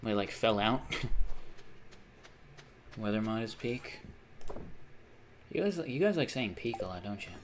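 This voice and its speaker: A man's voice: fairly low pitch, very animated, a little slow, pauses often, slight background noise. A man chatting casually with his live stream chat while gaming, joking and sarcastic.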